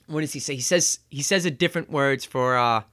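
A man's voice: medium pitch, fairly quick, pushed and bright. A man hosting a podcast, recapping a movie in casual chat, rambling with chuckles and acting out quotes. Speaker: podcast host.

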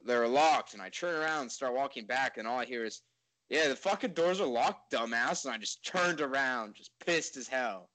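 A man's voice: medium pitch, pushed and bright, poor audio. A man in casual storytelling chat, rambling and laid-back, swearing and laughing at himself.

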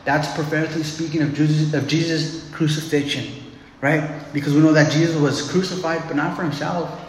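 A man's voice: a little high, fairly even intonation, fairly quick, slight background noise. A man preaching a sermon in a loose, conversational way, often calling listeners "man" and restarting his phrases. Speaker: pastor. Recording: echoey hall.

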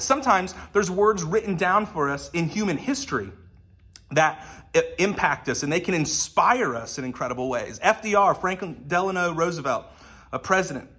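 A man's voice: a little high, sharp tone. A man in his thirties preaching a sermon in a conversational, earnest way with light humor. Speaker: pastor.

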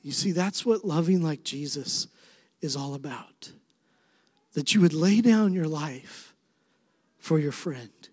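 A middle-aged man preaching a sermon as pastor, swinging between soft, tender passages and emphatic, rising appeals. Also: fairly high pitch, takes it slowly, pauses often, slightly rough. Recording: long reverb of a large hall.

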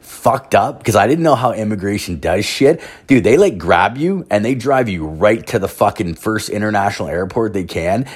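A man ranting casually, rambling with constant filler words and heavy swearing. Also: low voice. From Canada. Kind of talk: profane casual rant.

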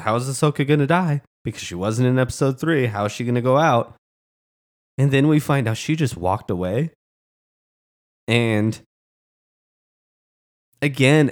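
A man co-hosting a podcast, talking in an earnest, impassioned way in casual chat. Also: mid-range voice. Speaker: podcast co-host.

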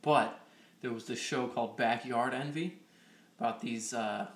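A man trades stories with his co-host in a loose, profane podcast chat. He gets animated and acts out the people in his stories. His voice sits at a middling pitch, and the room rings with noticeable echo. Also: a little slow. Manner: profane, animated anecdote-teller acting out quotes. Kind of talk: casual chat, storytelling. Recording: roomy echo.

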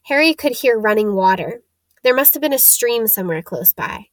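A woman narrating a children's storybook in a steady, expressive read. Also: on the high side, moderate pace, no room sound. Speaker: audiobook narrator.

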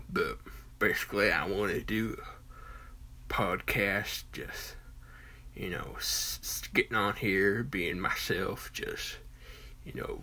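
A man's voice: low-pitched, sharp tone. A man in his forties with a Southern US accent, hosting a podcast in a casual, rambling monologue full of fillers and restarts, with folksy country talk. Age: 40s. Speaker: podcast host.

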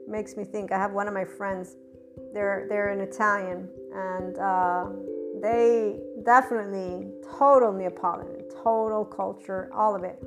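A woman talking casually in an unscripted spoken monologue, telling personal stories, acting out both sides of quoted arguments and swearing freely. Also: medium pitch. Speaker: spiritual channeler sharing stories.

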